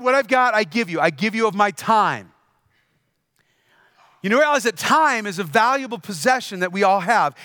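A man's voice: sits high, sharp tone, no echo, clean studio sound. A man preaching a sermon as pastor, telling stories and repeating key phrases for emphasis.

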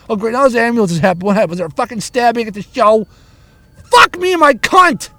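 A man's voice: very high voice, lively intonation, quick pace, pushed and bright, no room sound. A man ranting and telling a long story in a parked-in-traffic car, swearing constantly and restarting his sentences as he talks into a handheld recorder. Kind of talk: rambling profane storytelling. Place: inside a car stuck in traffic.

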